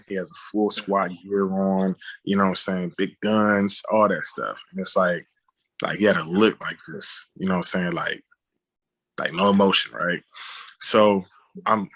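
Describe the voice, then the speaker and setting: A man's voice: low voice, fairly even intonation, normal speed, pushed and bright. A man, a film director, telling a personal story on a podcast, acting out sound effects and often saying "you know what I'm saying".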